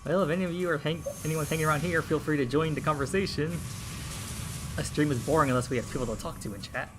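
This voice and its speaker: A man's voice: a little high, quick pace, music in the background. A man hosting a game stream in a casual, joking chat with viewers. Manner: lively, joking, talks to chat.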